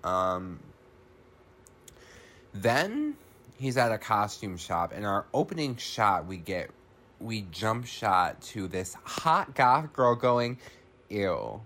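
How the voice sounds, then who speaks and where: A man's voice: fairly low pitch, very animated, takes it slowly, fairly bright tone. A man hosting a podcast, recapping a film in a loose, profane, casual way with many ums and likes.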